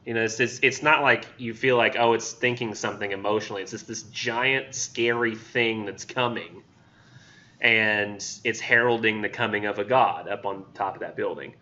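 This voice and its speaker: A college literature instructor gives a casual, rambling lecture packed with fillers, asides, and silly acted-out voices. His voice is on the low side, steady, pushed and bright, at normal speed, captured in a dull lo-fi classroom recording.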